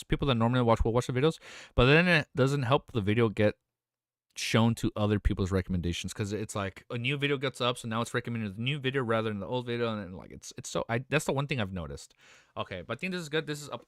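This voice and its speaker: A man's voice: medium pitch, no room sound, clean studio sound. A young adult man live-streaming, chatting casually, rambling and swearing as he reads chat aloud.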